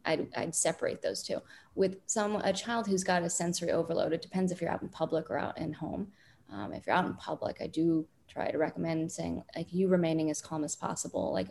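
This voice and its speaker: A woman parenting expert calmly explaining advice in an interview, with many fillers. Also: on the low side, gravelly, slight background noise. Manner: calm, deliberate, frequent fillers.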